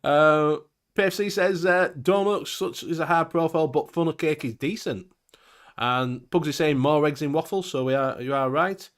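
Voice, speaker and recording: An Englishman with a voice on the high side hosts a casual live-stream chat at a moderate pace. He reads viewer comments aloud, laughs often, and swears casually.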